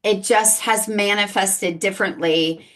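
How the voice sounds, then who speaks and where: A woman's voice: medium pitch, fairly even intonation, measured pace, fairly bright tone. Earnest woman hosting a faith interview. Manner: earnest, reflective questioning. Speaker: podcast host.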